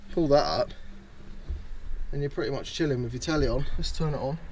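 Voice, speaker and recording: A man's voice: medium pitch, a little fast, darkish tone, a little hiss or hum. Chatty man in a campervan. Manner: chatty, self-mocking, talks while doing tasks. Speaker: van owner showing his setup. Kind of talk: casual demo chat. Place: inside a parked campervan at home.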